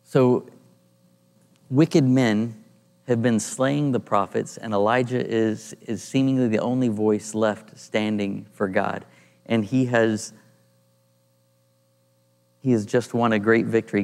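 A man leading an informal Bible study, thinking aloud and pausing to search for passages as he reads and explains scripture. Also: lowish voice, fairly even intonation, darkish tone. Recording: long reverb in a room.

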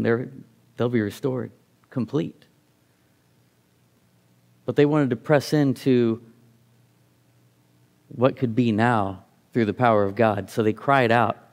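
Gravelly-voiced man preaching a sermon. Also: medium pitch, darkish tone. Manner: reflective, reads scripture aloud, restarts phrases.

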